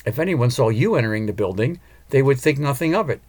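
A man's voice: mid-range voice, animated, fast, a little mellow, natural voice. A man voicing an earnest, determined woman opera singer and mother in an audiobook. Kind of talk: audiobook character voice.

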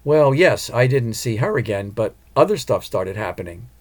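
A man's voice: mid-range voice, animated, normal speed, close to an everyday voice. A man voicing an earnest, determined woman opera singer and mother in an audiobook. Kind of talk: audiobook character voice.

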